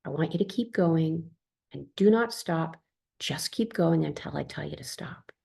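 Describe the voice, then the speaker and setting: Calm woman reading her story, kinda gravelly, dark mellow tone. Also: deep voice, a little slow. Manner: calm, soft and tender. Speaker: somatic therapist reading her own account. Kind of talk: first-person storytelling reading.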